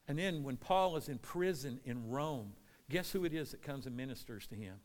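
A man's voice: medium pitch, expressive, normal speed. A man preaching a sermon, retelling scripture stories and acting out their voices, often restarting with repeated words. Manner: storytelling, acts out quoted voices.

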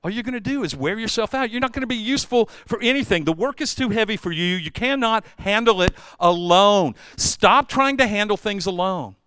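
A pastor delivers his sermon with a fairly high, sharp voice, recorded dry and close. He tells stories with playful asides and swings from loud outbursts to quiet, hushed passages. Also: fairly quick, few pauses, clean tone, dry recording. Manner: energetic storytelling, jumps between loud and hushed; playful asides and self-deprecating humor.

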